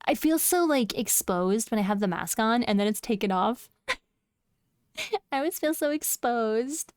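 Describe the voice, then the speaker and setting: A woman's voice: fairly high pitch, lively intonation, a little slow, clear, resonant tone, no echo, studio quality. A young woman streaming from home, chatting casually with her viewers in a playful, teasing way and laughing often. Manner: playful, giggly, teasing chat.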